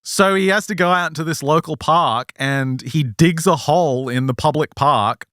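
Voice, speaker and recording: Animated storytelling man, higher voice. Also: moderate pace, dry recording, clean studio sound. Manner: animated, acts out the people he quotes. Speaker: podcast host. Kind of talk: casual storytelling chat.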